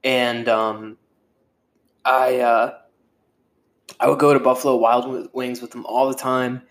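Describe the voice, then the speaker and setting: A man's voice: medium pitch, little pitch movement, unhurried. A young man hosting a casual solo podcast, rambling and swearing freely, with lots of fillers. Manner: rambling, profane, with many fillers. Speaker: podcast host. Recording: echoey room.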